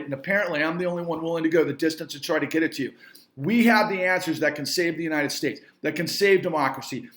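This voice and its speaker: His high-pitched voice has a fairly bright tone, and the recording sounds roomy. Addressing his audience directly, this filmmaker-entrepreneur delivers an angry, repetitive rant to camera, swearing mildly for emphasis.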